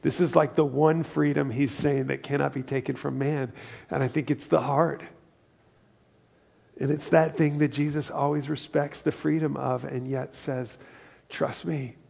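A man preaching a sermon in a relaxed, conversational way, often voicing the people in his story. His voice is gravelly and a little husky, at a middle pitch. The recording sounds dull and lo-fi. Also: moderate pace. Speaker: pastor.

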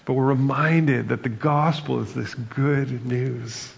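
This pastor's voice is mid-range, gravelly, steady and slow as he preaches in a thoughtful, chatty way, frequently adding "right?" and "like." Long reverb hangs over the dull, low-fidelity recording.

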